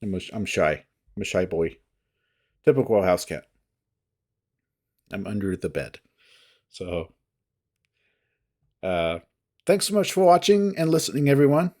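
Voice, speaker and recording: A man's voice: on the low side, big pitch swings, a little slow, long pauses, a little mellow. A man who reads visual novels, talking casually to his viewers in a rambling, hesitant, self-deprecating way. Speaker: visual novel reader and voice actor.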